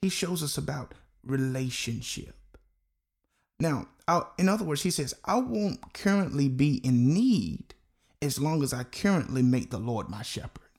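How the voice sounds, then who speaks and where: Gravelly-voiced male pastor preaching. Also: fairly high pitch, animated, a little slow. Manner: earnest, repeats key phrases for emphasis. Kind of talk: sermon.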